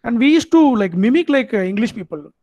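A high-pitched man with an Indian accent explains his lecture step by step and keeps checking in with his listeners. His voice sounds dry and close. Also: expressive, brisk, mellow, no echo. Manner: explanatory, checks in with frequent "okay". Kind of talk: online lecture.

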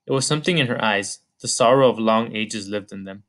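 Man narrating an audiobook, measured. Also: lowish voice, a bit bright. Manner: measured storytelling. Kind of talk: scripted narration.

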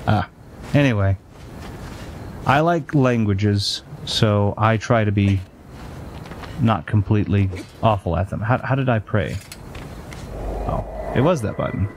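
This let's play host has a lowish voice and a measured pace, broken by long pauses, with noise in the background. Hosting a casual gameplay chat, he rambles off on tangents with plenty of ums and uhs.

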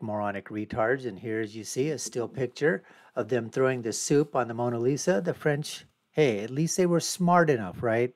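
A man's voice: medium pitch, darkish tone, dry recording. A man hosting his own show, giving scornful, ranting commentary over news footage. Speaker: show host.

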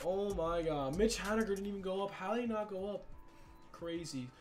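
A young man commenting on a sports video game, hyped and slangy, swinging from shouts to mutters. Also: high-pitched, fairly quick, soft background music. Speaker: gaming YouTuber.

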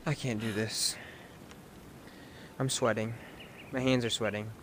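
A man streaming a video game on a headset mic, swearing a lot and swinging between yelling and low muttering. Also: steady tone, unhurried, background noise. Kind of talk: live gameplay commentary. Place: warm indoor room at home.

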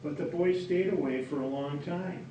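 Male reader, steady story narration, caught from afar in a reverberant room. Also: a little high, normal speed, a little hiss or hum. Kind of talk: storybook narration read aloud. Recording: echoey room from far off.

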